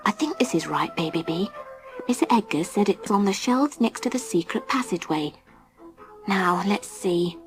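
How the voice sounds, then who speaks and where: A woman voicing a brave but nervous young boy who talks earnestly and in a hushed way. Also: medium pitch, sing-song, normal speed, soft background music, natural voice. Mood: hushed searching. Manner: earnest, hushed when searching, calls out when alarmed.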